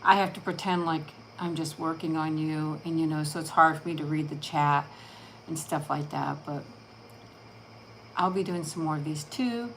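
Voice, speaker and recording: Chatty woman with a low voice. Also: normal speed, a little hiss or hum, low-quality recording. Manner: affectionate, chatty, coos at her dog. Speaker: channel host. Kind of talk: casual live chat.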